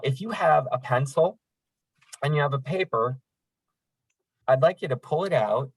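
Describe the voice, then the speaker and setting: A man's voice: mid-range voice, no echo, rough recording. A man running a crisis line training session in a conversational, folksy way, with frequent fillers. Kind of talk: training lecture.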